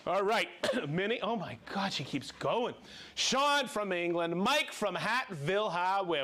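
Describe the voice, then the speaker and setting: A man's voice: high voice, fairly bright tone. A man from South Florida hosting a live stream, playfully reading out viewers' names and hometowns with whoops and banter. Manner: upbeat, playful, calling out names and places with whoops. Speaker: livestream host.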